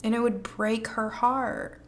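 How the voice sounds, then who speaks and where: A woman's voice: a little high, little pitch movement, takes it slowly. A woman doing a pick-a-card tarot reading, gushing and hyping the viewer up with slangy, effusive talk and frequent laughs. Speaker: tarot reader.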